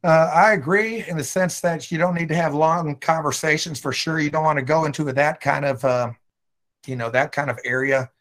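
A man's voice: on the high side, moderate pace, a bit bright. A man who is a guest minister, earnestly telling stories in a conversational ministry talk.

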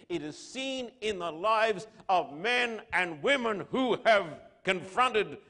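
Guy preaching hard, lots of rhetorical questions, goes loud then hushed, voice sits a bit high. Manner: swings between loud declarations and hushed lines. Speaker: pastor. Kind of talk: sermon.

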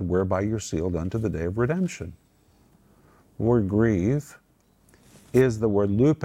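A man's voice: fairly low pitch, darkish tone. A man co-hosting a Christian talk show, teaching a Bible passage in an earnest, emphatic way and drawing out his key words. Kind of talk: sermon-like teaching.

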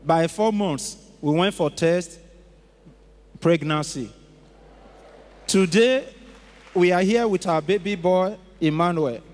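Slow-speaking man testifying. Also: sits high, darkish tone. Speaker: church testifier. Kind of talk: testimony before a congregation. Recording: echoey large auditorium.

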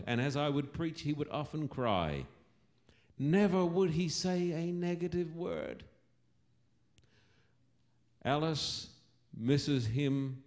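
A male pastor preaching to his congregation. He talks slowly and deliberately, at a middle pitch, and turns each story into a sermon. His voice climbs and grows loud when he quotes scripture. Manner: slow storytelling preacher, rising to loud proclamations.

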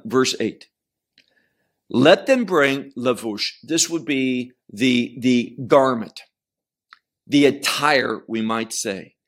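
A man's voice: medium pitch, a bit bright. A middle-aged man teaching a Bible passage verse by verse, stressing single words and explaining Hebrew terms.

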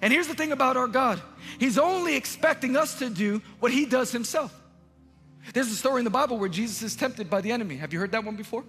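A male pastor preaching a sermon in a large church, emphatic and repetitive, building up to shouts. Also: very high-pitched, animated, fast talker, in a large hall, soft background music.

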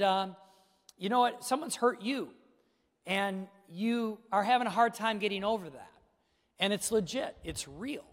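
A man's voice: high voice, a bit bright, long reverb tail. A middle-aged male pastor preaching a sermon with emphasis, speaking straight to his congregation. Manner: emphatic preaching, addresses listeners directly.

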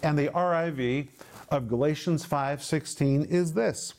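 A man teaching the Bible on a broadcast program, emphatic and stretching key words out slowly. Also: on the high side, a little mellow.

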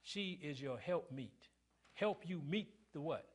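A middle-aged male pastor delivers a call-and-response sermon, questioning his congregation and alternating between loud emphasis and hushed lines. His voice is fairly high, husky, and expressive, and he speaks slowly.

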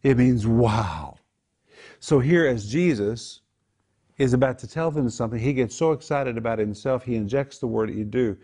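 A man's voice: medium pitch, normal speed, warm tone. A man teaching the Bible in a home group discussion, explaining Greek words and repeating key phrases for emphasis.

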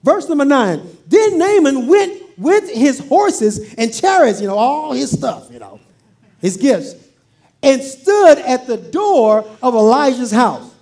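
A woman's voice: sits high, big pitch swings, takes it slowly, mellow. A woman pastor preaching a sermon, playfully acting out scripture with humor.

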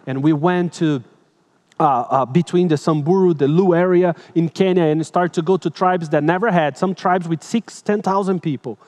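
Male pastor, high voice, animated sermon storyteller, slightly broken English. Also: normal speed. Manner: animated, dramatic shifts between loud and hushed.

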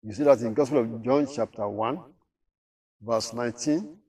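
A man's voice: medium pitch, moderate pace, dark tone, husky, far from the mic. A man teaching a Bible study, reading verses aloud and explaining them with rhetorical questions.

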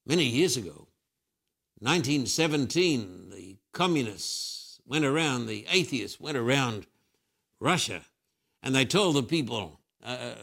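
Fervent older preacher. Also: male voice, mid-range voice, lively intonation, unhurried, creaky, a bit bright. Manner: emphatic preaching with repeated phrases. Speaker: Christian preacher. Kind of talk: fervent spiritual interview answers.

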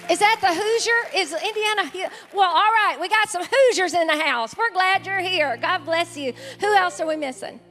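High-voiced Southern woman pastor welcoming visitors. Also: normal speed, hardly any pauses, sharp tone, big-room sound. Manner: enthusiastic, calls out to the congregation. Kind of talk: church welcome and announcements. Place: large church sanctuary with a congregation. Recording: live church service with music and crowd.

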